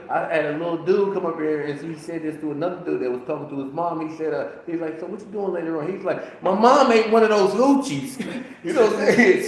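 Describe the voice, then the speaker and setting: A man co-hosting a podcast, telling stories in casual chat and acting out quoted lines with frequent laughter. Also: fairly high pitch. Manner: animated storytelling, acts out quotes, laughs often. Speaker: podcast co-host. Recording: very echoey room.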